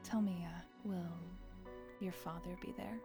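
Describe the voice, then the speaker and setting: A woman's voice: fairly low pitch, steady tone, unhurried, vocal fry, music in the background. A woman voicing a sly teenage girl radio host who teases and deflects, in a tabletop role-play. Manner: cool, teasing, coy.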